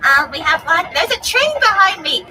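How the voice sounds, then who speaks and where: A woman's voice: very high voice, big pitch swings, normal speed, pushed and bright, slight background noise. A woman asking viewers to donate to a theatre, pleading and joking at her own expense. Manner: pleading, self-mocking. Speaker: theatre fundraiser presenter.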